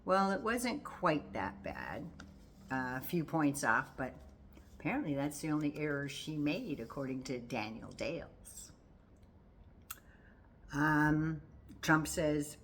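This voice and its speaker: A woman's voice: low voice, big pitch swings, takes it slowly, long pauses, fairly bright tone, slight background noise. An older woman giving casual, folksy political commentary to her viewers in a sassy, teasing way.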